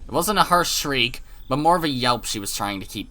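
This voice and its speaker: A man's voice: medium pitch, expressive, fairly quick, sharp tone. A man reading a visual novel aloud for a let's play, with dramatic delivery, profane asides and the odd stumble over words.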